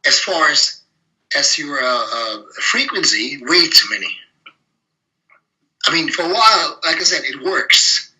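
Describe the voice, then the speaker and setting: A man's voice: a little high, a little slow, long pauses, rough recording. A middle-aged man from Germany, a bodybuilder guest telling blunt, profane stories in a casual interview. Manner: blunt, profane, animated anecdotes with frequent laughs.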